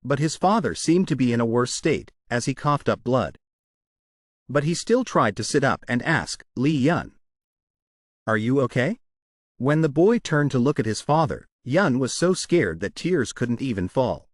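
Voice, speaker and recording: A man reading a comic story recap aloud in a steady, plain storytelling manner. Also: mid-range voice, normal speed, dry recording, clean studio sound. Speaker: manhwa recap narrator. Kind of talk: scripted story narration.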